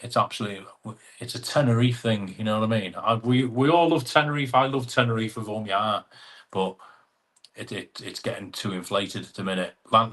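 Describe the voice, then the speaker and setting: A man's voice: lowish voice, a bit bright. Chatty English man hosting a live chat. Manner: chatty, matey, reads out viewer comments. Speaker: live stream host. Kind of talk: casual live chat reading comments.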